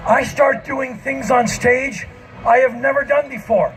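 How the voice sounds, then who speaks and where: Male live storyteller on a festival stage; high, animated, shouts the punchlines. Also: unhurried, soft background music. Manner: animated, self-mocking, often shouting. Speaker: spoken-word performer.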